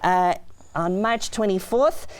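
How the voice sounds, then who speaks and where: A woman's voice: mid-range voice, takes it slowly, clear, resonant tone. A woman hosting a TV talk show in a studio, upbeat and steering her guest along.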